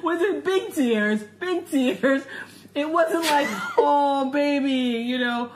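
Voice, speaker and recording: A woman co-hosting a podcast, telling stories in a casual, animated way, often laughing. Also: high-pitched, slow, a little hiss or hum. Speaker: podcast co-host. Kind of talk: casual comedic chat. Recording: echoey room.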